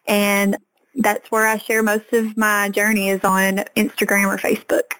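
A woman's voice: medium pitch, completely flat delivery, moderate pace, a bit bright, slight background noise, low-quality recording. A woman farmer from Arkansas with a Southern accent, talking earnestly as a guest in a casual podcast interview. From Arkansas, USA.

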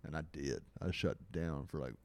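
A man's voice: rumbling low, normal speed. A man in casual chat, joking and swearing, telling loose stories. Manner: animated, joking, swearing, gravelly.

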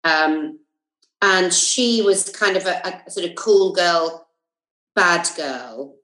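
A middle-aged woman from England, a comedian and actress with a southern English accent, slowly recounts school stories as a podcast guest in a lowish voice. Her casual anecdotes are lively and full of fillers and asides, and the recording has a roomy echo.

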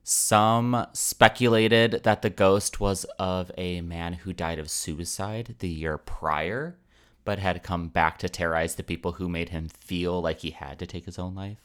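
A young man with a deep, low-pitched voice that sounds smooth and resonant. He hosts a podcast and tells a folklore tale in a relaxed chat, slipping in jokey asides along the way. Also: measured pace. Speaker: podcast host. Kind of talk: casual storytelling chat.

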